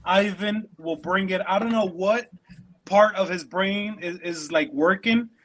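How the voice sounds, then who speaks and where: Male podcast guest, high voice, quick eager delivery, repeats himself. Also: a bit bright, poor audio. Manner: enthusiastic, rapid, repeats words while thinking. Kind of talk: casual podcast chat.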